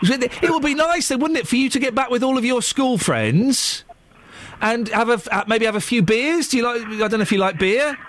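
Radio host guy, teasing and chatty, high bouncy voice that swoops around, faint hiss. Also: lively intonation, normal speed, a bit bright. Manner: teasing, chatty, playfully patient. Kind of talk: radio phone-in chat.

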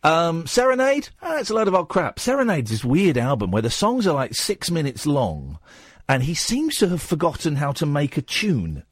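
A man hosting a late-night radio phone-in, rambling and self-mocking, often jumping into a high silly voice. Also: sing-song, moderate pace, husky, no echo, studio quality. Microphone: studio microphone.

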